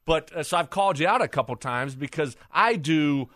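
A man's voice: on the high side, animated, a little fast, fairly bright tone, dry recording, clean studio sound. A man co-hosting a show, teasing his partner in casual banter and laughing often. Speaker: radio show co-host.

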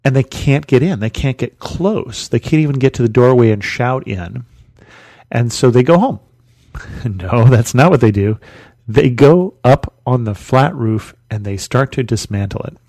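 A man's voice: mid-range voice, lively intonation, unhurried, darkish tone, dry recording. A man hosting a podcast, teaching through a Bible story in a conversational, storytelling way with rhetorical questions.

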